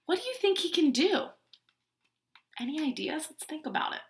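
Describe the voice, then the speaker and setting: Animated preschool teacher reading aloud. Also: female voice, sits high, a little fast, long pauses. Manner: animated, asks children questions. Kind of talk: picture-book read-aloud for young children. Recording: roomy echo.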